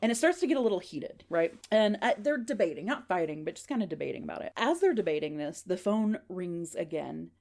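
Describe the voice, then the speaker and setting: Low, mellow-voiced woman podcast host. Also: very animated, brisk, hardly any pauses. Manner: casual, chatty retelling with fillers. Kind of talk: storytelling a paranormal case.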